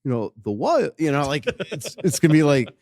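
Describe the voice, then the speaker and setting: A man hosting a podcast in front of a live audience, telling animated stories and acting out what people said. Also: on the high side, a little fast, dry recording, clean studio sound. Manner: animated storyteller, acts out quotes. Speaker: podcast host and hockey writer. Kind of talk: casual chat before a live audience.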